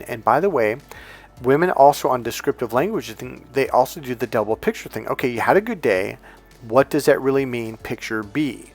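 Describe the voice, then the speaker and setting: A man's voice: mid-range voice, fairly quick, soft background music. A man telling a story and acting out the people in it as a dating coach. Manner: animated, acts out the people in the story. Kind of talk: storytelling to camera.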